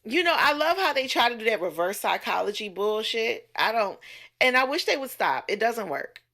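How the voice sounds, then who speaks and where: Woman, 30s, bright and forward, a coach telling a blunt, animated story. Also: on the high side, normal speed. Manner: blunt, animated, profanity-laced, mimics others' voices. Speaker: relationship coach vlogger. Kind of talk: casual storytelling rant.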